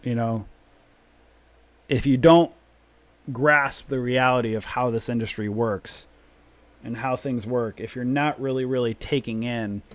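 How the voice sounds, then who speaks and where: A man's voice: medium pitch, steady tone, unhurried, pauses often. A man hosting a live trading stream, talking emphatically and repeating his points in a long rant. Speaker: trading room host.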